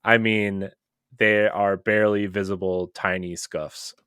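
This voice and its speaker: Low-voiced rambling podcast producer man. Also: level tone, a little slow, fairly bright tone, smooth, no room sound, clean studio sound. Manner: rambling and emphatic, keeps adding "okay?". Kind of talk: casual podcast banter.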